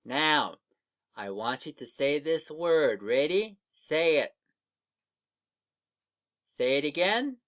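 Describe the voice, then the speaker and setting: Guy teaching little kids letter sounds, real slow and patient, voice bouncing up and down a lot. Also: fairly high pitch, expressive, a bit bright. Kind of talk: early reading lesson for young children.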